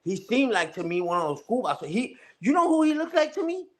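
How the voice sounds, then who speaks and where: Brisk and full of big pitch swings, a young man with a fairly high voice rants casually on his livestream, swearing and taking shots at other streamers. He repeatedly circles back to "you heard?" and "respectfully." He comes from a Puerto Rican family on his mother's side.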